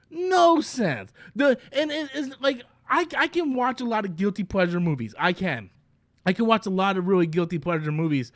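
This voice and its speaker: A man's voice: extremely high pitch, no echo, clean studio sound. A man ranting through a movie review, exasperated, sarcastic and profane.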